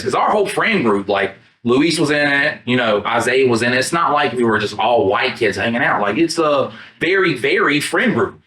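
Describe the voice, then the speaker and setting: A man's voice: mid-range voice, a little fast, hardly any pauses. A man co-hosting a podcast, telling a story in casual chat with lots of swearing and acting out his own quotes. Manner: animated, profane, acts out his own quotes. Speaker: podcast co-host. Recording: roomy sound from a distant mic, not the podcast mics.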